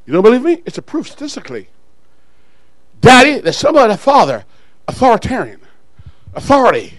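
High-voiced, fiery male preacher. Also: fairly quick, no room sound, poor audio. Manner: animated, shouting, chuckling asides. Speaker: pastor. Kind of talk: sermon.

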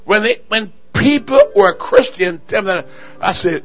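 A man preaching a fervent sermon at a church service, shouting and rousing the congregation with call-and-response. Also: high-pitched, expressive, normal speed, dull audio, faint music behind.

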